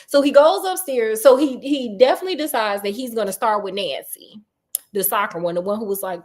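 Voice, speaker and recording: High voiced lady retelling a kids story, chatty, sassy side comments, laughs a lot. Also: brisk. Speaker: storyteller host.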